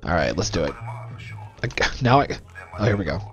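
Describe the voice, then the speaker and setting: Over soft background music, a young let's play host talks briskly into a desk mic in a low voice with big pitch swings. The recording is muffled, and his casual gameplay commentary is full of swearing, sarcasm and jokes.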